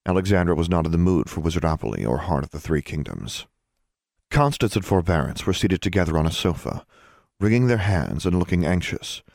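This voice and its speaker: Male audiobook narrator, low voice, dry close sound, measured storytelling. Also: lively intonation, creaky, darkish tone, no echo. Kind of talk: scripted narration.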